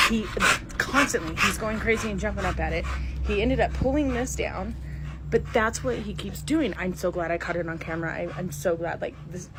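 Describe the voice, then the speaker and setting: A middle-aged woman filming her own house on a phone, whispering in fright and breaking into breathless exclamations and swearing. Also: medium pitch. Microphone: phone camera. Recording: noisy phone video audio.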